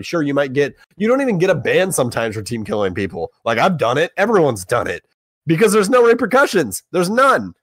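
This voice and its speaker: A young man holds forth on a podcast, his voice sitting a touch high and climbing further as he gets heated. He swears freely and hammers his points with blunt emphasis. The sound is close and dry, with no room around it. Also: no room sound. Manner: profane, emphatic, rising in pitch when heated. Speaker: podcast co-host. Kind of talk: heated casual rant.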